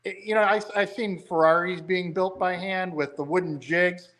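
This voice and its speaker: A man's voice: sits high, steady tone, moderate pace, fairly bright tone. A man talking as a guest about building a car, telling rambling, enthusiastic stories. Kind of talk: casual chat.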